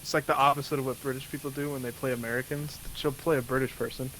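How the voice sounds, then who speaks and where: A man's voice: medium pitch, little pitch movement, quick pace, fairly bright tone, a little hiss or hum, poor audio. Joking guy on a game stream. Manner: joking, calls people bro. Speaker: guest player on a stream. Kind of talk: casual chat while gaming.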